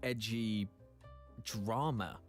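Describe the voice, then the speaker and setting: A man's voice: fairly low pitch, drawn-out words, soft background music. Self-mocking Englishman telling a story. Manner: self-mocking, laughing, stumbling restarts. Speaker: YouTuber and voice actor. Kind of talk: casual storytelling.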